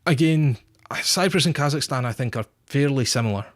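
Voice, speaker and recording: A man from Scotland co-hosting a football podcast in a casual back-and-forth. He is assertive and quick to interrupt his co-host. His pitch sits in a normal middle range. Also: animated.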